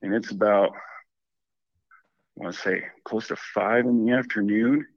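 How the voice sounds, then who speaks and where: A man's voice: lowish voice, fairly even intonation, a little slow, no room sound, lo-fi sound. A man calling in to a show, telling a long story casually with lots of restarts and quoted asides. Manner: rambling, restarts and self-quoting. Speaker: caller.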